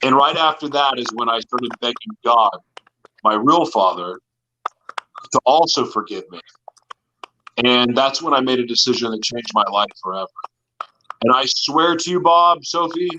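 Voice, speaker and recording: A man's voice: mid-range voice, animated, moderate pace, pauses often, pushed and bright, muffled recording, slight background noise. A man in an interview, telling his personal story in an earnest, confessional way. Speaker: guest.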